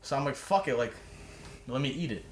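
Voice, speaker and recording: Fast-talking man spinning a profane story. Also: medium pitch, animated, slight background noise. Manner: profane, rambling, many restarts. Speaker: podcast guest. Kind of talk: casual storytelling. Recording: roomy echo.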